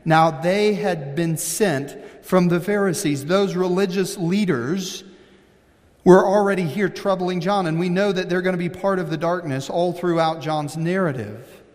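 A man preaching a sermon, pressing his points hard as he reads scripture and explains it. His voice sits high for a man. The sound rings with a long reverb, as in a large church sanctuary. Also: measured pace, darkish tone. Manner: emphatic preaching, reads scripture aloud with commentary. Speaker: pastor.

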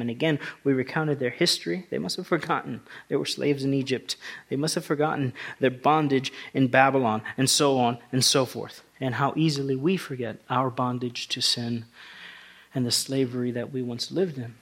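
A man's voice: medium pitch, steady tone, moderate pace, creaky, a bit bright. A male pastor preaching a sermon, talking through scripture in a conversational way that rises to emphatic passages.

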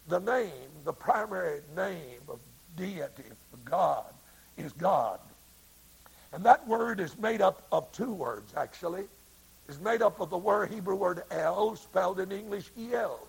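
A man preaching a sermon, slow and dramatic, swinging between hushed lines and loud ones. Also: high-pitched, gravelly, slightly rough.

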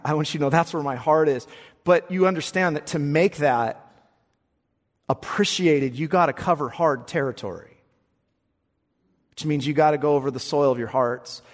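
A male pastor preaching a sermon with emphatic delivery, often repeating words as he presses a point. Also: fairly high pitch. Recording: long hall reverb.

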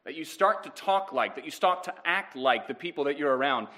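Pastor, male, slightly high voice, earnest sermon delivery with questions to the pews. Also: animated, fairly quick, bright, forceful tone. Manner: earnest preaching with rhetorical questions to the congregation.

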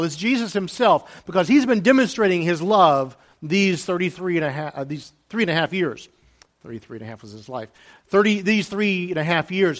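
A male pastor delivers a sermon in a voice pitched a little above most men's. He drops to soft, almost hushed phrases, then lifts into raised, emphatic lines. He repeats key phrases to drive them home.

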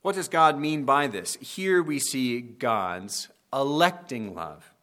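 Bright-voiced man preaching a sermon. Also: mid-range voice, expressive. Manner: earnest, slows for quoted scripture.

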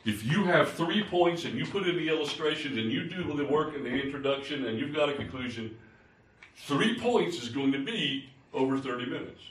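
An older man, a pastor, teaching fellow preachers in an informal, animated way, poking fun at himself and swinging between loud and soft. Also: on the high side, normal speed. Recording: roomy, distant from the mic.

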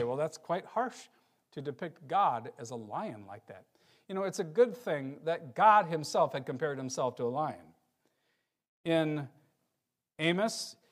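Man with a high voice preaching a sermon; reads scripture, dynamic between emphatic and hushed delivery. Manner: expressive, swings between loud emphasis and quiet low passages. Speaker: pastor.

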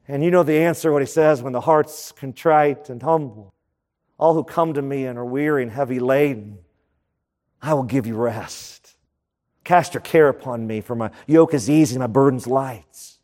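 A man's voice: medium pitch, moderate pace, darkish tone, long reverb tail. A man preaching a sermon as pastor, emphatic and repeating key phrases for effect.

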